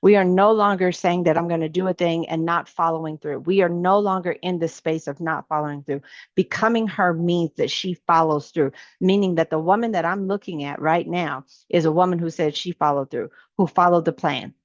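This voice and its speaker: A woman's voice: on the low side, fairly even intonation, a little fast, dry recording. A woman life coach giving a motivational teaching talk, emphatic and repetitive in a sermon-like way, casual with her listeners. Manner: casual, addresses listeners as sis. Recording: slightly dull, lo-fi recording.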